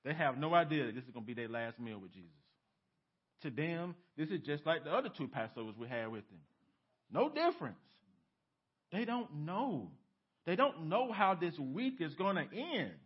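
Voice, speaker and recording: A husky, somewhat high-voiced man preaches a church sermon, his pitch leaping widely from near-whispered lows to raised, emphatic peaks. He presses the congregation with rhetorical questions. The recording is dull and lo-fi. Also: sing-song, moderate pace. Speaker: pastor. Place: church sanctuary.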